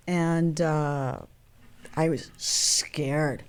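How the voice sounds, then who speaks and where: A woman in her sixties, a guest actress, telling animated stories and acting out the voices of people in them. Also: deep voice, drawn-out words, clear, resonant tone. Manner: animated storyteller, acts out quoted voices. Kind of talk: storytelling interview.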